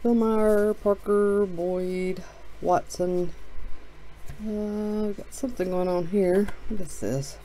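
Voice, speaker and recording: A woman's voice: medium pitch, takes it slowly, mellow, slight background noise, low-quality recording. A sick woman talking around a cough drop while casually calling out card names as she opens a box. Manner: muttering, reading names aloud. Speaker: card break host. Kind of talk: casual box-break commentary.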